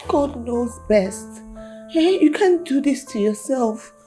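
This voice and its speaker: A woman's voice: high voice, animated, takes it slowly, mellow, soft background music. An actress playing a caring young woman who soothes and pleads, with a Nigerian accent. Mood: comforting. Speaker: daughter-in-law.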